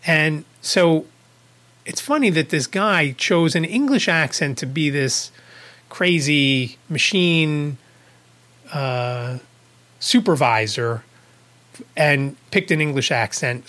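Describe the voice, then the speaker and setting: A man's voice: a little high, animated, slow pace, a bit bright. A man hosting a podcast, telling a rambling first-person story in a casual way, with a chuckle here and there. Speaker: podcast host.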